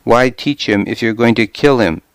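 A man reading the lines of a bitter, defiant noblewoman and proud mother in an audiobook, with sharp, bitter retorts. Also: medium pitch, moderate pace, no echo, lightly acted.

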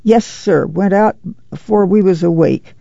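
A man's voice: high voice, a little slow, gravelly, dark tone, no room sound, dull audio. A man voicing a weary, proud middle-aged mother of a migrant family, with a drawl, plainspoken and firm. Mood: bustling.

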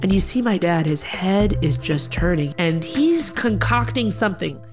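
A woman telling a personal story in an animated, conversational way, with many casual fillers. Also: on the low side, moderate pace, music in the background. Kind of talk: personal story told to an audience.

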